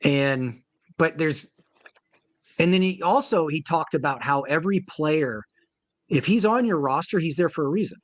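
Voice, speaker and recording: Male coach guest, fairly high voice, dry close sound, lively storyteller. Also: moderate pace, dry recording. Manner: animated storyteller, acts out quoted voices. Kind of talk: casual interview talk.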